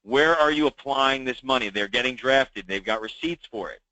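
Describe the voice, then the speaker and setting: Male meeting host, mid-pitch, tense bright tone, chatty briefing style that repeats key points. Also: moderate pace, dry recording, low-quality recording. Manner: conversational, many fillers, repeats key advice. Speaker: meeting host for insurance agents. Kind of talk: weekly call briefing.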